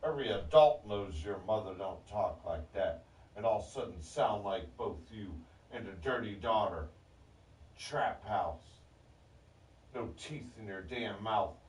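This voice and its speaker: A man's voice: lowish voice, lively intonation, a little slow. A man delivering an angry, profane, rambling rant on his vlog. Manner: profane, agitated, disjointed. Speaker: vlogger. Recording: echoey, distant, muffled.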